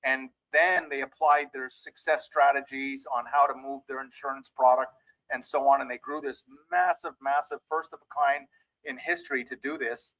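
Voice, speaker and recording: A man's voice: mid-range voice, steady tone, moderate pace, pushed and bright, no room sound, low-quality recording. A man giving a motivational training talk as a mindset trainer, telling a story and speaking directly to his listeners.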